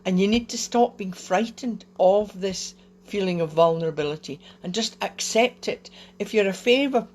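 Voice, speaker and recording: A woman's voice: medium pitch, moderate pace. A woman giving a casual motivational talk on a live video from home, chatty and encouraging, with small laughs and fillers. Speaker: host of a live wellbeing video.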